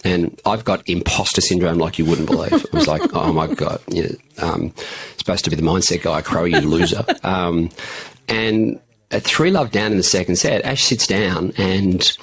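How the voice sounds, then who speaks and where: Middle-aged Australian male coach, low and husky, chatty storyteller with ums and chuckles. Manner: animated anecdotes with frequent ums and laughs. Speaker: mindset coach. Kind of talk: conversational interview storytelling.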